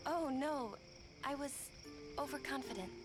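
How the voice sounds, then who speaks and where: A woman voicing a gentle, earnest young female summoner in a video game, speaking softly and politely with some hesitation. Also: high voice, unhurried. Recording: game audio with background music.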